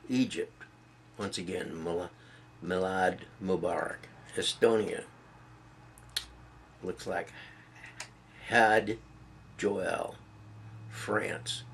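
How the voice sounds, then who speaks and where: Middle-aged man, slow and deep-voiced, stumbling and self-deprecating as he reads aloud. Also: gravelly, a little hiss or hum. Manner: reads greetings haltingly, stumbling over foreign words. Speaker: video blogger. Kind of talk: casual reading to camera.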